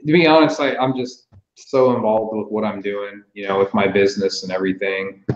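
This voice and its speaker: Man, guest, low pitch, easygoing, hesitant, roomy, muffled lo-fi sound. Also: fairly even intonation, fairly quick. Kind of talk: casual live-stream chat.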